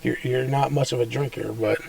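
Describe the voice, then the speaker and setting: A man's voice: mid-range voice, steady tone, brisk, vocal fry, darkish tone, dry recording, distant mic. A young man co-hosting a podcast in casual chat, crude and rambling, laughing often. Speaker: podcast co-host.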